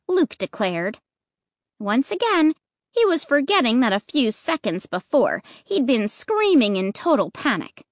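A woman reading a children's book aloud in first person, expressive and rising with the action. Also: medium pitch, a little slow, no echo, studio quality. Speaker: audiobook narrator. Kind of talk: first-person storybook narration.

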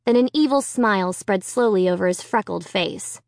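A woman narrating a children's story in first person, with an expressive, dramatic reading. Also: mid-range voice, moderate pace, gravelly, no room sound, studio quality. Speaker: audiobook narrator.

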